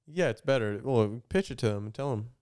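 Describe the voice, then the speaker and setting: A young man from Canada co-hosting a podcast, teasing his friend in a deadpan, mock-serious way. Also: mid-range voice, a little fast, clear, resonant tone. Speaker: podcast co-host. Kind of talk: casual chat.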